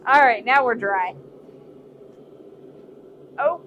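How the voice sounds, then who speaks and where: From her forge workshop, a Midwestern woman who streams her blacksmithing talks casually with viewers, frequently laughing and making fun of herself. She speaks extremely slowly in a fairly high voice, and the audio has its highs cut off along with a little hiss or hum.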